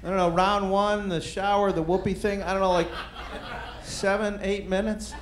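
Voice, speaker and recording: High-voiced animated stand-up comic. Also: male voice, moderate pace, echoey room, background noise. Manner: animated, self-mocking storytelling with mock dialogue. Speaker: stand-up comedian. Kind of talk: stand-up comedy routine.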